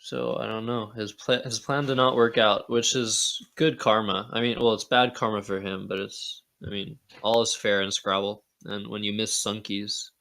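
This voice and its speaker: A man's voice: on the low side, little pitch movement, moderate pace, gravelly, hardly any pauses, fairly bright tone. A man giving live commentary on a board game match, joking and sarcastic. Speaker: Scrabble commentator.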